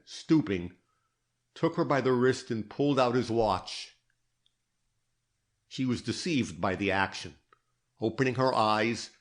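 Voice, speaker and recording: A man narrates an audiobook in a measured, even storytelling manner. He reads at an unhurried, slow pace with a mid-pitched voice. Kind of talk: scripted narration.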